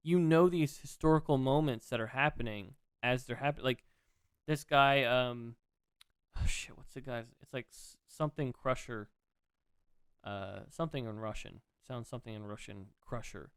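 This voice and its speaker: An excitable man rambling through a casual podcast chat, piling on asides as he goes. His voice is smooth and clear, recorded close and dry with no room around it. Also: medium pitch, normal speed, no echo. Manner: rambling, excitable, swears freely. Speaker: podcast co-host.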